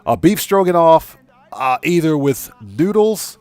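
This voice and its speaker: Chatty male game streamer, slightly high voice. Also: sing-song, measured pace, darkish tone, clear, resonant tone, no room sound. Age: adult with a wife and child. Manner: chatty, thanks viewers by name, reads out chat. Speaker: live-stream gaming host. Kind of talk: casual live-stream chat.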